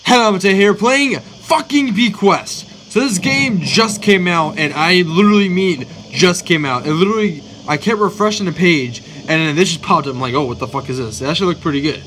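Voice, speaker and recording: A man hosting a let's play of a horror game, excitable and swearing constantly, yelping at scares. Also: high voice, fairly quick, hardly any pauses, a little hiss or hum. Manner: excitable, swears constantly, yelps when startled. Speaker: gaming channel host.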